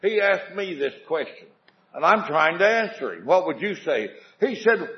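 A man's voice: fairly high pitch, big pitch swings, moderate pace, roomy sound, lo-fi sound. A man preaching a revival sermon in a folksy way, asking the congregation questions and telling homespun jokes.

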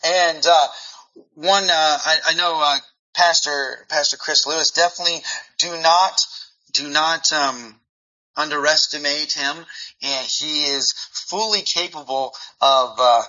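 Man, preacher, bright tone, stop-start phrasing with repeats, acts out dialogues; muffled lo-fi recording. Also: a little high, a little slow. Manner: repeats words while restarting sentences; acts out dialogue in lively voices. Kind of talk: sermon. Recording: dull lo-fi recording.

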